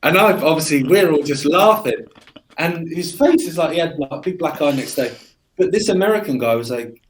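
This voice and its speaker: Animated English man telling stories. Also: fairly high pitch, brisk, slight background noise. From England. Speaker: interview guest. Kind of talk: casual conversation.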